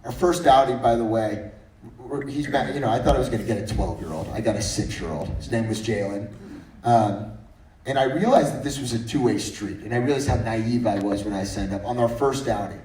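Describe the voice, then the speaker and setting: A man's voice: lowish voice, brisk, a little mellow, a little hiss or hum. A man in his thirties giving a faith-based speech at a breakfast meeting, telling humorous stories and often restarting his sentences. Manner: anecdotal and humorous, with frequent restarts. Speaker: guest speaker. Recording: roomy sound from far off.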